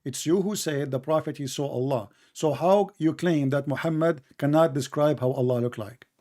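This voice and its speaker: Brief: male debate host, fairly high voice, combative and interrupting, hammers the same demand again and again. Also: moderate pace, warm tone. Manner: repeats demands insistently. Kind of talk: heated live debate.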